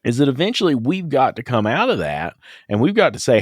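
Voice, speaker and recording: A man's voice: medium pitch, a little fast, slightly rough, no room sound, clean studio sound. A man with a Southern US accent, hosting a casual podcast chat and telling stories animatedly with frequent laughs. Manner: animated storyteller, laughs often. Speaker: podcast host.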